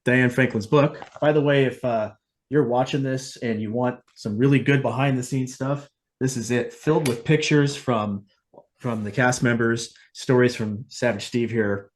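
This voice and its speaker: A male host with a voice of middle pitch talks in a loose, conversational way. He drifts into digressions and laughs at his own asides. The tone stays easygoing. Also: fairly even intonation, normal speed. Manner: rambling, digressive, laughs at himself. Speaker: podcast host. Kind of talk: casual chat.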